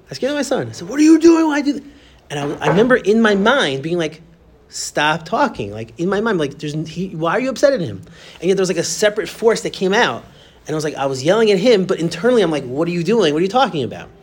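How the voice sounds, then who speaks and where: Fast, lively man teaching a class. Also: fairly high pitch, husky. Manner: animated, talks fast and directly to students. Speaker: Torah teacher. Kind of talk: classroom lecture.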